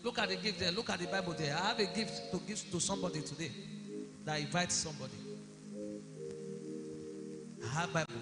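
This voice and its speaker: A male pastor with preaching a sermon, asking the congregation questions and rising to shouts. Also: high-pitched, fast. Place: church hall. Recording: long hall reverb with music behind.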